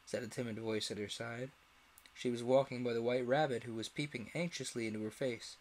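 A man reading a classic children's story aloud in an expressive way, with the odd slip. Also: mid-range voice, a little fast. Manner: expressive, animated read-aloud with small slips. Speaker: storyteller, streamer.

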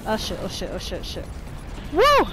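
A woman playing a horror video game, swearing and yelling in loud panicky outbursts, then muttering in a low voice as she reads notes aloud. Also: expressive, moderate pace, background noise. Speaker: gamer. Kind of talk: let's play commentary.

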